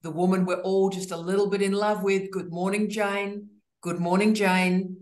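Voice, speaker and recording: A woman's voice: medium pitch, little pitch movement, moderate pace, darkish tone. A woman hosting online office hours on a video call, greeting people in an effusive, teasing way. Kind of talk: casual video call chat. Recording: roomy echo.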